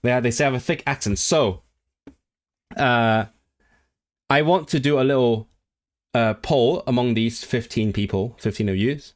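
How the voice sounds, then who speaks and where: A man's voice: mid-range voice, measured pace, pauses often. A man casually talking to his live-stream viewers, rambling with frequent restarts and fillers. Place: living in the North of England.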